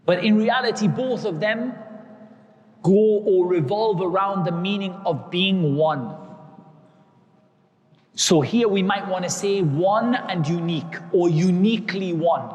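A man with a high voice teaches a religious lesson, slowly repeating key words so they sink in. He works Arabic terms into his English as he explains. His voice rings out with a long echo, as in a large hall.

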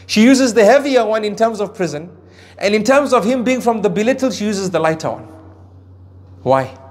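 A male preacher with a high voice gives a sermon on Quran verses. He climbs into raised emphasis, then drops into hushed asides, and says Arabic phrases with care. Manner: recites Arabic phrases with careful pronunciation. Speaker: Islamic preacher.

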